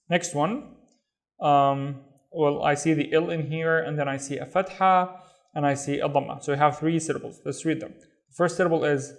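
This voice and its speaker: A man with a Saudi accent teaching a reading lesson, sounding out syllables and repeating each word slowly. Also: fairly high pitch, darkish tone. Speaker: Arabic teacher. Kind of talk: slow, careful reading lesson.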